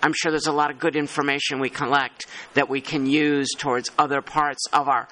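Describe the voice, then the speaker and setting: A man chairing a working group meeting, talking in halting, thinking-aloud phrases with many restarts. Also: a little high, little pitch movement, bright, forceful tone, rough recording. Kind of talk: meeting discussion.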